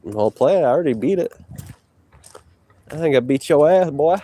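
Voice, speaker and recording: A man's voice: a little high, expressive, moderate pace, dark tone. A man vlogging outdoors while walking, taunting and boasting at a rival through a handheld phone. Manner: taunting, boastful, talks to a rival between breaths. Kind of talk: trash-talking walk vlog. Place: outdoors on a walk.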